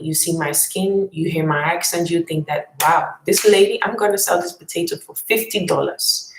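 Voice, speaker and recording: A woman's voice: low voice, echoey room, low-quality recording. A woman hosting a casual live stream, answering viewers' questions in a thoughtful, hesitant way with many fillers. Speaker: vlog host answering live chat questions.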